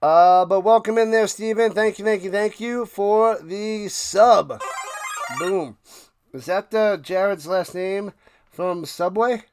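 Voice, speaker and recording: High-voiced man calling a live game. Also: clear, resonant tone. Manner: thanks chat viewers by name between game calls; rises loud and fast calling big plays. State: clearing his throat and coughing. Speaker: streamer doing live play-by-play. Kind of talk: casual live-stream play-by-play commentary.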